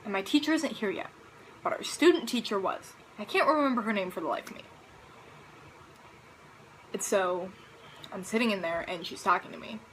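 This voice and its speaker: A teenage girl telling a story to her camera in a casual, animated, dramatic way. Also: medium pitch, normal speed, long pauses, a little hiss or hum, poor audio. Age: teens. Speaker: vlogger.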